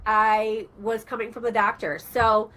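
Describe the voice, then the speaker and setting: A woman with a slightly high, unhurried voice hosts an online talk radio show. She chats casually and tells animated little stories, acting out the quoted voices.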